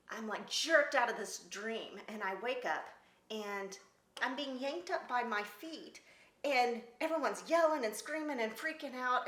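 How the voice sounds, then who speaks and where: A middle-aged woman telling her own story in casual talk, lively and laughing between lines. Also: fairly high pitch. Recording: roomy echo.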